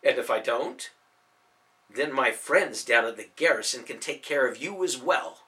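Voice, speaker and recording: A man's voice: medium pitch, animated, measured pace. A man voicing a hot-tempered market baker in an audiobook, curt and indignant. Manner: curt, indignant, shouting when angry. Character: gruff hot-tempered grown male baker.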